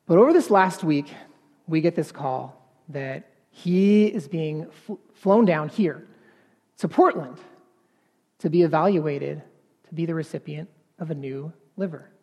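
A man preaching a sermon in an earnest, halting way, repeating words and then building to emphatic passages. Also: a little high, darkish tone, big-room sound.

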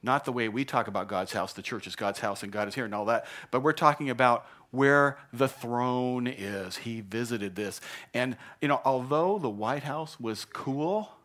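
A man preaching a sermon as pastor, animated and joking as he tells stories. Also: mid-range voice.

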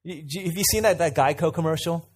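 A man preaching a sermon in a relaxed, chatty way, with a voice pitched a little high. He keeps turning to listeners with direct questions. He tells everyday stories to make his points. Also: fast talker, slightly rough. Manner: conversational, asks the audience questions, tells anecdotes.

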